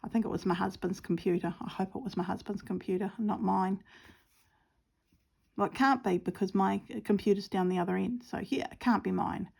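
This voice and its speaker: A woman's voice: mid-range voice, fairly even intonation, brisk, vocal fry, a little mellow, breathy edge. A woman chatting casually while crafting at home, rambling and giggly with plenty of fillers. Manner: rambling, giggly and self-deprecating, lots of fillers. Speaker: craft channel host.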